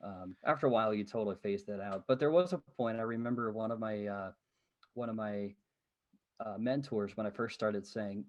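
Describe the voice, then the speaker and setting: A man from Pennsylvania, USA, who works as a living-history interpreter, tells stories casually as a podcast guest in an interview. His voice sits on the low side at a normal speed, and the audio is dull. He's animated, laughs often, and uses many fillers like "um."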